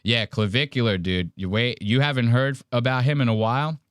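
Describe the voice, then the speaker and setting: A man hosting a podcast in casual chat, telling stories in an animated, profane way. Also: medium pitch, fairly quick. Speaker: podcast host.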